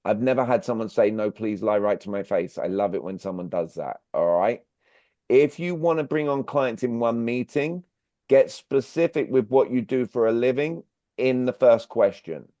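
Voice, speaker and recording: Through dull, dry video-call sound lacking any room sound, a workshop speaker teaches sales online and fires direct questions at his audience. His dark, medium-pitched voice has lively intonation and a normal speed.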